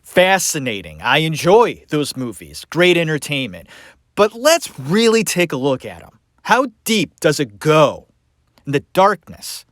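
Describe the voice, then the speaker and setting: A man's voice: fairly high pitch, big pitch swings, a little slow, a bit bright, no echo, studio quality. A man hosting a podcast, ranting sarcastically and emphatically in a solo opinion monologue. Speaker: podcast host.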